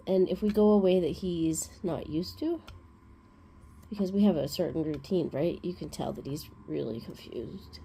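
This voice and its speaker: Woman host, casual rambling storyteller, lowish warm tone. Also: normal speed, vocal fry, slight background noise. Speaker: crafting vlog host. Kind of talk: casual chat.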